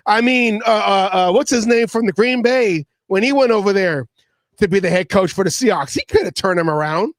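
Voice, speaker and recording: A man's voice: high voice, brisk, no echo, studio quality. A man co-hosting a casual sports talk show, joking and riffing into sarcastic bits. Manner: joking, riffs into sarcastic impressions. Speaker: podcast co-host.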